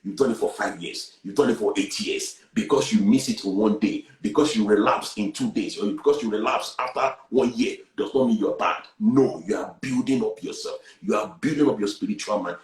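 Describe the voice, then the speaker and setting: A man, earnestly sharing a personal testimony and swinging between hushed and loud. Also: mid-range voice, reverberant, low-quality recording. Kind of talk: candid testimony on a talk show.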